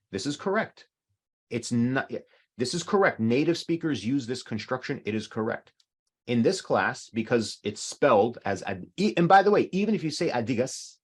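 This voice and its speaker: A man's voice: mid-range voice, slightly rough. A middle-aged man teaching an online language class over a video call, patiently explaining with examples. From North America.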